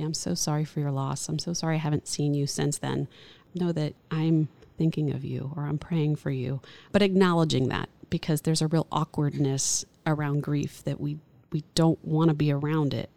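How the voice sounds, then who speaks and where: A woman hospital chaplain speaking as an interview guest, gentle and earnest, often restarting phrases. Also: low voice, vocal fry. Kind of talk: reflective interview talk.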